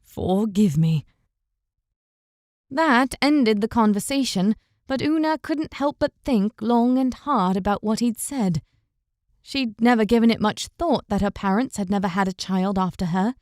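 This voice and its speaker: Female audiobook narrator, higher register, steady scripted delivery, dry studio sound. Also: moderate pace, no room sound.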